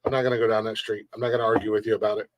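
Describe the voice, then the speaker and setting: A man's voice: on the low side, little pitch movement, racing, no echo. A man hosting a casual live-stream podcast, ranting bluntly and jokingly with plenty of swearing and frequent laughter. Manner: blunt, profane, joking rants; laughs often between remarks. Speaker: podcast host reading chat.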